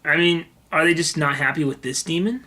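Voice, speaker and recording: Bright young man with teasing quips. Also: a little high, a little fast. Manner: dry, teasing quips, laughs often. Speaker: podcast co-host. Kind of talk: casual comedic chat.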